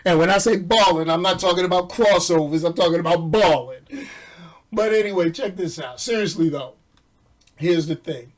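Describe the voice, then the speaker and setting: A man's voice: high voice, normal speed, recorded from a distance. A man from New York talking casually and animatedly about a movie, joking, laughing often and using street slang. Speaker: movie reviewer. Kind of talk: casual movie review chat.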